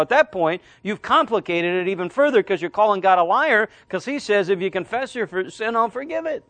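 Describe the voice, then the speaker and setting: A middle-aged man preaching a sermon as pastor, telling a story and slowing right down to stress key phrases. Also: fairly high pitch, fairly bright tone, no room sound.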